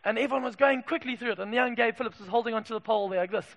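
A man from Zimbabwe preaching a passionate sermon in a church, moving from hushed asides to loud calls. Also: very high voice, very fast. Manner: passionate, swings from hushed to shouting. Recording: echoey hall reverb.

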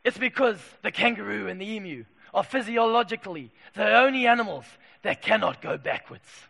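A man putting on the gruff, deep voice of an older Australian male sports captain, asking slow, pointed rhetorical questions. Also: pushed and bright, heavily acted. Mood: emphatic. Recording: echoey hall reverb.

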